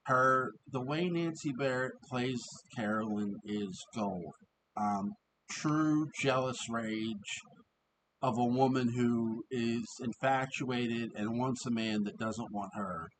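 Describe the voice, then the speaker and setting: A man giving a casual, rambling review of an old TV episode. He often restarts, fills pauses and laughs as he talks. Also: medium pitch, fairly bright tone, low-quality recording.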